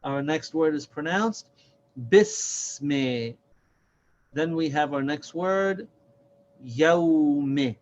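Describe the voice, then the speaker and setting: A man's voice: on the high side, unhurried, few pauses, muffled recording. A man teaching a reading lesson step by step, patiently sounding out and repeating each syllable.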